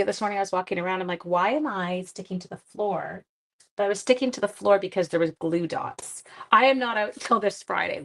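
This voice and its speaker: Woman host, live craft demo, chatty, self-deprecating, medium pitch. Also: creaky, a bit bright. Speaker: papercraft demonstrator hosting a livestream.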